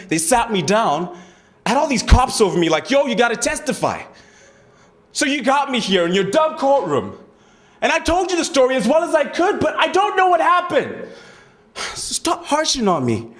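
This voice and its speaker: A man's voice: mid-range voice, lively intonation, normal speed, fairly bright tone, close to an everyday voice. An actor playing a young streetwise man testifying at a murder trial, in a rambling, defensive, slangy way. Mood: frantic. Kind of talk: audition monologue.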